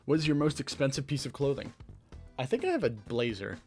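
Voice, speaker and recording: A young man with a light Southern American accent, answering rapid-fire questions on his own podcast, rambling and laughing at himself. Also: mid-range voice, big pitch swings, a little mellow, soft background music. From Southeastern United States. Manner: rambling, self-deprecating, laughs often. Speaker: podcast host. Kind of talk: casual Q&A monologue. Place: his bedroom.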